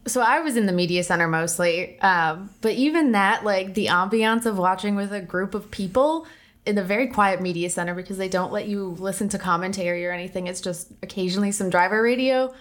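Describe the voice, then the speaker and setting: Woman podcast co-host, casual chat, relaxed, chatty. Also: medium pitch, brisk.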